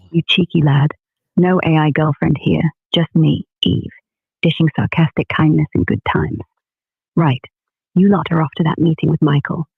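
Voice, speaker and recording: A woman's voice: deep voice, gravelly, husky, no echo. Give me a cheerful AI woman with a northern English lilt. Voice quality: breezy, slangy British banter. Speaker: AI co-host. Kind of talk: cheerful synthetic chat sign-off. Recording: tinny phone-like line, dry.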